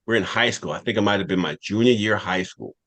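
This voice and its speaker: A man on a podcast telling a long personal story in casual talk, animated, repeating phrases for emphasis. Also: on the low side, fast. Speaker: podcast cast member.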